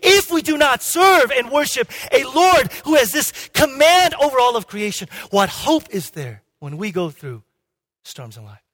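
A male pastor preaching a sermon with emphatic swings between loud and hushed delivery, and frequent restarts. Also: extremely high pitch, big pitch swings, a little slow. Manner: frequent restarts and "okay?" checks. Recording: long hall reverb.

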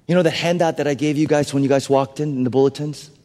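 A man delivers a sermon with a fairly high voice that carries a long reverb through a large hall. He swings between loud, emphatic bursts and hushed asides that drop almost to a whisper. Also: fairly even intonation, quick pace. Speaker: pastor.

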